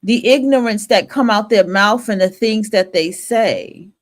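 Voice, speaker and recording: Резкая женщина с севера США ведёт монолог на стриме: говорит прямо, с матом и повторами, голос среднего тона. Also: female voice, mid-range voice, measured pace. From northern United States. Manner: blunt, profane and emphatic, with frequent restarts. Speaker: host of a talk stream. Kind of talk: opinion monologue.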